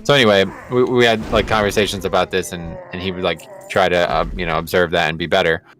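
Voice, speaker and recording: Low-voiced man telling a rambling story. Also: fairly even intonation, quick pace, fairly bright tone, a little hiss or hum. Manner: rambling, swears freely, lots of fillers. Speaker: livestreaming gamer. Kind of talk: casual storytelling chat while gaming.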